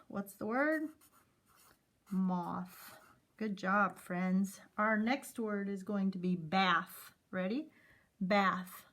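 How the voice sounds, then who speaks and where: Speaking in a mid-range voice, this woman guides young students through phonics. Letter sounds come out slow and clear, and she keeps encouraging the children.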